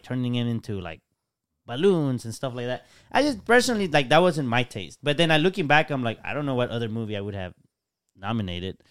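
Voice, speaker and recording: A man's voice: mid-range voice, clean tone, no room sound, clean studio sound. A man in a casual podcast chat, hesitant, searching for words with many fillers. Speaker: podcast co-host.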